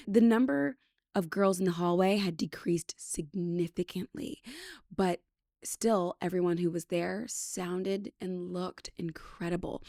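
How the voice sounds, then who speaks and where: A woman from British Columbia hosting her show, telling a story in a chatty, animated way. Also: on the low side, vocal fry, no echo, studio quality. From British Columbia, Canada. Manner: chatty and animated, acts out quotes. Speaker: podcast host. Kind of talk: casual storytelling monologue.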